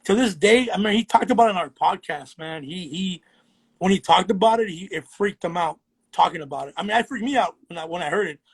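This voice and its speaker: A man guesting on a podcast tells an eerie story in an earnest way and slows down on the creepy parts. His voice is fairly high for a man, with a husky edge. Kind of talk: casual chat, storytelling.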